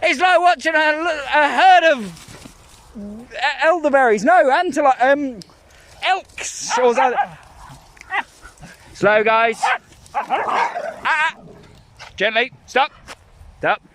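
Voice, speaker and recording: A man from Scotland with a Glasgow accent, a professional dog walker chatting excitedly to camera outdoors while calling commands to the dogs. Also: very high-pitched, slow, long pauses, background noise. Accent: Scottish, Glasgow. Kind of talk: casual vlog narration while walking dogs. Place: outdoors in parks and forest.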